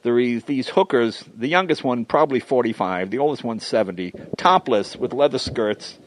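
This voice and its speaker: Animated older male storyteller. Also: medium pitch, moderate pace, slight background noise. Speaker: guest comedian. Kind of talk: casual chat, storytelling.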